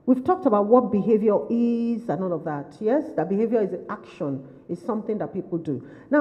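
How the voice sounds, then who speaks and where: A woman trainer giving a workshop lecture to caregivers, firing off repeated questions and restating her points. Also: mid-range voice. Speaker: behaviour management trainer. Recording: lo-fi recording with long hall reverb.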